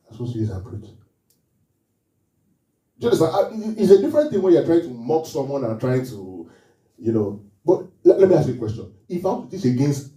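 A man preaching to a congregation, with a very dark, mellow voice that swings lively up and down. He fires rhetorical questions, then repeats the key phrase for weight. He is heard from some distance in a roomy, echoey church hall. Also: mid-range voice. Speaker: pastor. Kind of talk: sermon.

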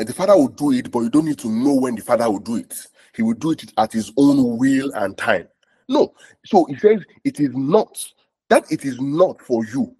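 A man's voice: mid-range voice, dark tone, husky, no room sound. A man preaching a sermon, explaining scripture verse by verse, repeating himself and asking the audience questions.

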